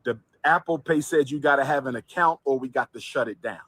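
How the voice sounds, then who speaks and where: A man's voice: mid-range voice, a little fast, a bit bright, slightly rough, no room sound. Insistent man in a dry clip. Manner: repetitive and insistent. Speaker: speaker in a played clip asking for donations. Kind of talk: livestream appeal.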